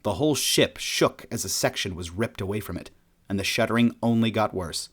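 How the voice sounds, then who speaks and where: A man narrating a science fiction audiobook in a steady, plain storytelling manner. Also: fairly low pitch, brisk, husky.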